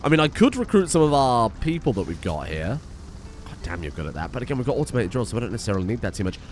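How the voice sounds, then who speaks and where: A young man chats his way through a game session in an animated, swearing, self-mocking way. His pitch swings widely between mutters and sudden yelps, and faint music plays underneath. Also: racing. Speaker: gaming YouTuber. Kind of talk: casual let's-play commentary.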